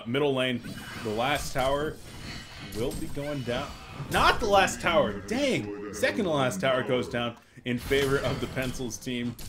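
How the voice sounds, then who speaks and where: A young man with hiccups casting a video game match alone from home, chatty and self-deprecating. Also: medium pitch. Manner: chatty, self-deprecating, bursts of excitement on plays. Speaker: esports caster. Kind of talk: solo play-by-play commentary from home. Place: room at his mother's home.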